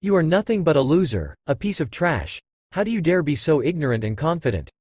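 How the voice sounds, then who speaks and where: A man's voice: a little high, very animated, fairly quick, a little mellow, no room sound, dull audio. A man voicing a scornful middle-aged mother in an audiobook, speaking in a scolding tone.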